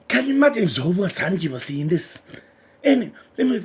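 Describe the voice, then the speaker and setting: At normal speed, a man reads through a manga chapter and reacts live, his delivery swinging from loud, excited shouting to quiet muttering as he reads along.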